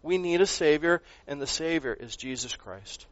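Male pastor, fairly high voice, earnest sermon delivery with loud peaks and hushed drops; dull, dry recording. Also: expressive, moderate pace, no echo. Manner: earnest, swings between loud emphasis and quiet asides, repeats words.

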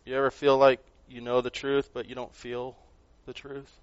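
A man preaching a sermon, earnest, rising to loud emphasis and dropping to quiet asides, often repeating words as he goes. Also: medium pitch, completely flat delivery, normal speed, muffled recording. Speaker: pastor.

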